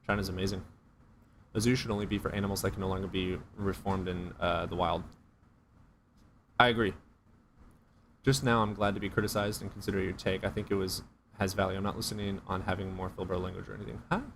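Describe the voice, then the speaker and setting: Lower-voiced man chatting on a stream. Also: level tone, fast, long pauses, background noise. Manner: profane, joking, rambling. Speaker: streamer answering chat. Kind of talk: casual live-stream chat.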